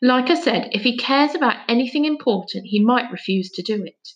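A woman's voice: expressive, a little fast, lo-fi sound, lightly acted. Woman doing an urgent, impatient young boy. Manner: pleading, urgent, higher-pitched.

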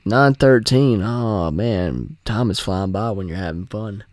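A man's voice: fairly low pitch, unhurried, darkish tone, dry recording, clean studio sound. A man hosting a podcast, rambling and swearing in casual chat. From North Carolina. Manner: rambling, profane, joking. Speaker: podcast host.

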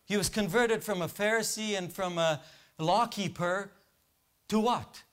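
Male preacher, high-pitched, interactive call-and-answer delivery to a congregation. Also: unhurried, fairly bright tone. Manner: questions the congregation and waits for answers. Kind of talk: interactive sermon. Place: church.

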